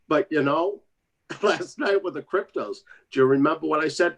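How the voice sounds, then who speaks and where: A man chatting casually on a livestream, laughing often and jumping up high when he quotes others. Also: moderate pace, creaky, a bit bright.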